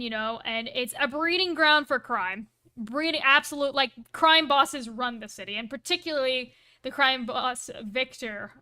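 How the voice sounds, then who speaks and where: Woman streamer, high clean voice, playful rambling storyteller with asides. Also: bright, forceful tone, clear, resonant tone. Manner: rambling, full of asides and self-corrections; playful and quick to laugh at herself. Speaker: livestreamer. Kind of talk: casual storytelling on a live stream.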